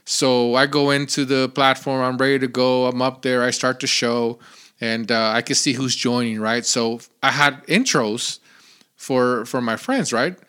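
A man hosting his own podcast, telling a rambling story in a casual, animated way with lots of fillers. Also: medium pitch, a little slow, clean tone. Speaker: podcast host.

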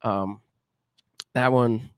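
A male podcast guest telling a story in casual chat, halting and full of fillers. His voice is smooth and resonant and recorded dry. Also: medium pitch, steady tone, dry recording.

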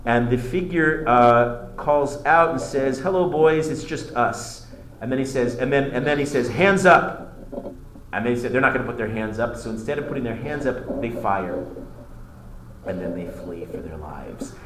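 A male history teacher lecturing a class, telling the story in an animated way with many restarts. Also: medium pitch, moderate pace. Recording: echoey classroom with faint noise.

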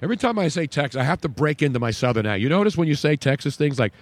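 A man's voice: on the high side, sing-song, racing, no room sound. A man hosting a casual radio talk show, joking and rambling.

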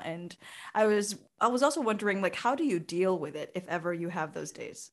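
A woman's voice: mid-range voice, expressive, normal speed, a bit bright. A woman hosting a casual interview, encouraging her guest and laughing along. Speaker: interview host.

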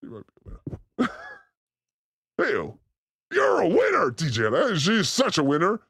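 A man playing a boastful, crude demon character, ranting manically on a live comedy stream with frequent shouted outbursts. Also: sits high, huge pitch swings, normal speed, creaky, breathy edge, no echo, studio quality, heavily acted. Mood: manic.

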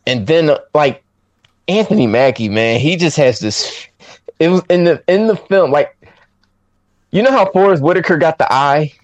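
A man co-hosting a podcast, chatting casually about a film with slang and quick quoted asides. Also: no echo, lo-fi sound. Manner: animated, swoops up high when quoting himself, slangy. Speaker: podcast co-host reviewing a film. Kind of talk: casual chat.

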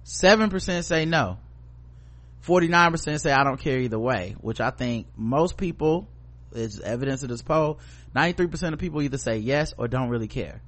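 A man's voice: mid-range voice, brisk. A man co-hosting a podcast in casual chat, giving blunt, profane, opinionated commentary. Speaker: podcast co-host.

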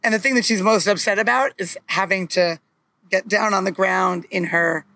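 A woman talking as a podcast guest in a chatty, animated way, retelling film scenes. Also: medium pitch, moderate pace. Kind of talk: casual chat.

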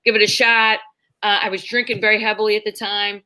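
A woman's voice: mid-range voice, fast, poor audio. A middle-aged woman, a stand-up comedian, telling a story casually and acting out the people in it. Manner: animated, acts out quotes in the story.

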